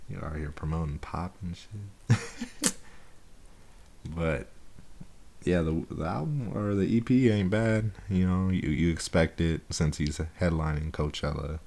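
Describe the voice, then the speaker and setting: A man with a very deep voice hosting a casual podcast, relaxed and teasing. He ribs his co-host and laughs along, never in a hurry. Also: unhurried, vocal fry, a little hiss or hum. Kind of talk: casual chat.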